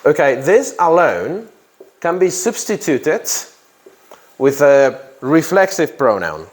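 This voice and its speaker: Slow, lively classroom teacher, a man. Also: fairly high pitch. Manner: slow and lively, repeats example sentences, quizzes students. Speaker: English teacher. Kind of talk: classroom grammar explanation.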